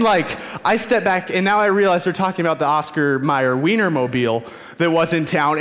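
A man's voice: high voice, long reverb tail. A man preaching a sermon as youth pastor, telling stories earnestly with emphatic repetition, in a church.

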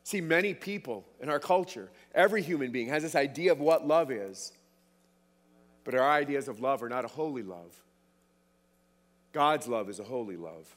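A man's voice: mid-range voice, animated, normal speed, long reverb tail. A man preaching a sermon, emphatic, repeating words for stress.

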